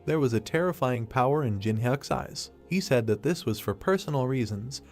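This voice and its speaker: Guy reading a comic recap script, even steady narration, faint music under it. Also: medium pitch, moderate pace.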